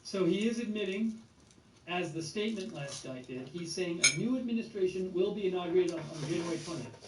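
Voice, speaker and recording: A man's voice: high-pitched, animated, fairly quick. A man giving sarcastic reaction commentary, mocking by repeating short phrases over and over. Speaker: political commentator. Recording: echoey room, distant mic, noisy.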